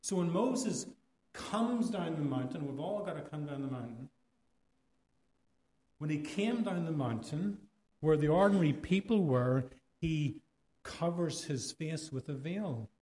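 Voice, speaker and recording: An Irish man delivers a sermon in a fairly high but mellow, warm voice. He talks to his congregation conversationally, posing rhetorical questions and letting his pace speed up and slow down. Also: lively intonation. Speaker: preacher.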